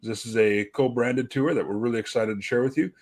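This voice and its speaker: A man's voice: medium pitch, brisk, a little mellow. A man hosting a livestream over a video call, easygoing and rambling with many fillers. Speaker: livestream host.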